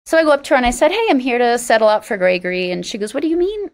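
A woman, a singer-songwriter, telling her story in a casual interview, candid and a bit sarcastic, acting out quoted lines with big jumps in pitch. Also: animated, racing.

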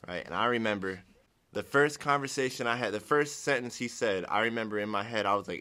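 A young man from Ohio, United States, shares his personal testimony in a fairly low, bright, forceful voice at a fairly quick clip. He rambles casually, restarts sentences, and acts out things he once said.

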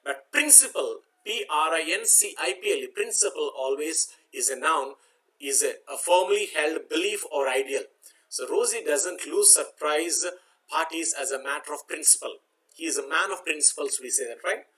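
Man teaching vocabulary, bright voice. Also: a little high, lively intonation, poor audio. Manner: explains slowly, spells words letter by letter, repeats with "okay". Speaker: English teacher. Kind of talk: exam-prep vocabulary lesson.

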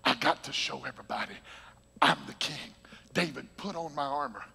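A male preacher voicing King Saul as a vain coward who schemes for status, in a low, muttering voice, heard in an echoey sanctuary. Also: moderate pace, vocal fry, sharp tone, breathy edge, exaggerated voice. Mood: scheming.

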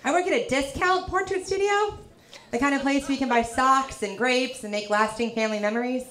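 A woman from the South, performing a stand-up comedy set with a dry, teasing delivery and quick punchlines. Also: sits high. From American South. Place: comedy club stage. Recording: live club with loud crowd laughter. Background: audience laughter.

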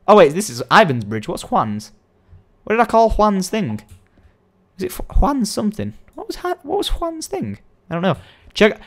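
A young man giving excitable, rambling let's-play commentary, coaxing and shouting at the game. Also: sits high, normal speed. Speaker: gaming video host.

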